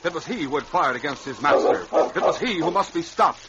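A man narrating a radio adventure drama in a measured, dramatic style. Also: a little high, lively intonation. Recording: dull old radio recording with loud hiss.

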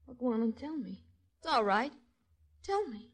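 A frightened soldier's wife. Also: female voice, fairly high pitch, big pitch swings, moderate pace. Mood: fearful. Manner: plain working-class speech, pleading. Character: anxious young wife of a soldier, frightened and grieving. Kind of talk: 1940s radio acting.

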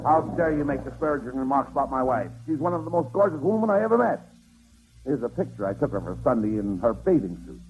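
A man playing the brisk, exasperated straight man in a 1940s radio comedy. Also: medium pitch, animated, noisy background.

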